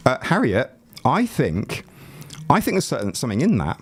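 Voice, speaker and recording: A man's voice: mid-range voice, huge pitch swings, normal speed, breathy edge. A man livestreaming from home with a chest cold that leaves his voice rattly, chatting and joking with his viewers in a loose, rambling way. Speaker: livestreaming YouTuber. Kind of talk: casual livestream chat. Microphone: desk mic, no headphones.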